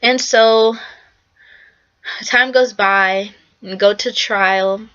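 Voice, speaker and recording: A young woman with a bright, forward voice talks through her subject in a casual, earnest way, repeating key points. The recording sounds dull and lo-fi. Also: mid-range voice, fairly even intonation, extremely slow, clean tone. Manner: earnest, repetitive, acts out quotes. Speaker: artist presenting her work. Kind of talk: casual spoken presentation.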